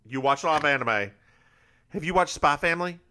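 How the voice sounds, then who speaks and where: A man co-hosting a podcast, recapping a TV episode in a campy, teasing, animated way. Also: a little high, brisk, smooth. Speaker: podcast co-host. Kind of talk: casual chat recapping a TV episode.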